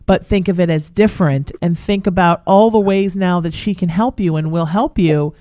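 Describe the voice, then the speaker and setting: A woman's voice: on the low side, moderate pace, mellow, no echo, studio quality. A woman radio host and psychic who reassures a caller in a long, flowing way and calls her sweetie. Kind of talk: live radio psychic reading.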